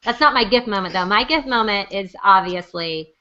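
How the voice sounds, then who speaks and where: A woman co-hosting a casual fan discussion, animated and giggly. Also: medium pitch, normal speed. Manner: animated, giggly, does impressions. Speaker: podcast co-host. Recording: muffled lo-fi audio.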